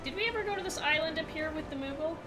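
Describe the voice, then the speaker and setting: A woman's voice: high-pitched, racing, over music. A woman co-streaming a video game, chatting casually about her art and the game. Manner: relaxed, with fillers like um. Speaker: streamer, artist. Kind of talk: casual chat while gaming.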